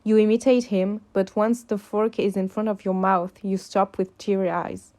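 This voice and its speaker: A woman reads a second-person fan story aloud, keeping a calm, steady storytelling tone. Her voice sits at an ordinary middle pitch for a woman. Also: normal speed, few pauses. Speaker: fanfic reader. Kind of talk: second-person audio fanfic narration.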